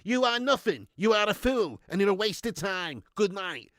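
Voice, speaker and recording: A man's voice: high-pitched, very animated, moderate pace, fairly bright tone, no echo, clean studio sound, voice pushed up. A man putting on an impression of a scornful, blustering man who hurls insults. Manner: sneering, declamatory put-downs.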